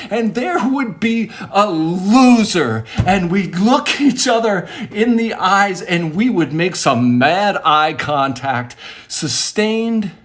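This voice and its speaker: A male comedian telling a rambling, self-mocking stand-up story, acting out the people in it. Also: on the high side.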